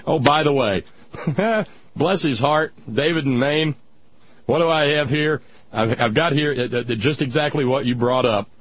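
A man's voice: on the high side, unhurried. A male radio talk show host in casual, blunt political chat, sardonic and full of restarts. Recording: dull lo-fi radio with faint hiss.

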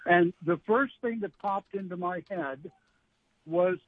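A man's voice: sits high, takes it slowly, no echo. A man in his sixties calling in to a radio show, wry and rambling as he tells a story, with frequent restarts. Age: 60s. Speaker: caller. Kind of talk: call-in radio chat. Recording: phone line.

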